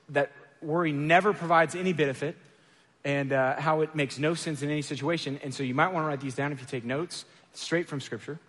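A man giving a casual sermon, telling stories about himself with a light self-deprecating touch and plenty of filler words. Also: on the high side. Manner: conversational, self-deprecating storytelling with many fillers. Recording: echoey hall with long reverb.

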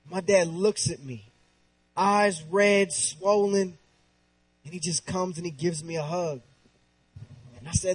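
A man in his thirties preaching a sermon with passion, dropping to a hushed tone when he tells a personal story. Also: high-pitched, fairly even intonation, normal speed, pauses often, rough recording.

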